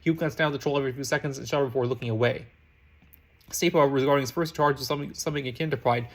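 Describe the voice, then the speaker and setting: A man reading fan fiction aloud as a narrator, rushing along with frequent slips and restarts. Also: mid-range voice. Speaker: reader.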